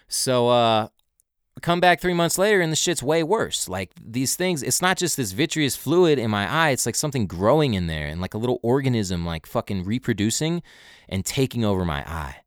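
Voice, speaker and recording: A man's voice: fairly low pitch, sing-song, moderate pace, smooth, no room sound, studio quality. A man in his twenties telling a personal story in a rambling, profane way, full of fillers. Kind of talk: casual storytelling monologue.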